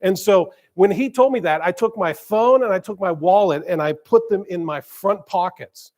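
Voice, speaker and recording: A man, a church pastor, preaching conversationally with stumbles and repeated words, slowing down to stress key phrases. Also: high-pitched, darkish tone. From grew up in a small town. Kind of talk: sermon. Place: church sanctuary.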